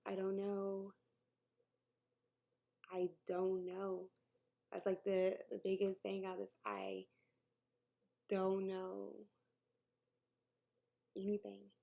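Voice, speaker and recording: A woman's voice: mid-range voice, takes it slowly, gravelly, pauses often, mellow. A woman, talking candidly and emotionally to camera in a personal vlog, sometimes dropping to a near-whisper and laughing between thoughts. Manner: laughs between thoughts, jokes about her news. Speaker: vlogger.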